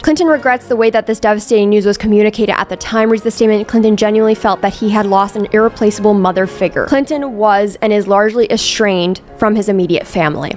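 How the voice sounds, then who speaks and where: A young woman hosting a casual commentary vlog, talking candidly and emphatically and swearing freely. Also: medium pitch. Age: young adult. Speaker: commentary YouTuber.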